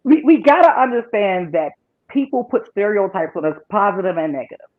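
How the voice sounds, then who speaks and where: High-voiced insistent man, dull audio. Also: brisk. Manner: animated, insistent. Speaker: podcast co-host. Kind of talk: casual chat. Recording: dull lo-fi sound.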